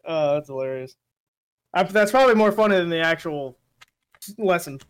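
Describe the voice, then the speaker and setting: A young man chatting casually with friends, laughing often as he reads jokes out loud. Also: on the high side, normal speed, clear, resonant tone. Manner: laughs often, animated reading. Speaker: group member reading AI jokes. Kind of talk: casual chat.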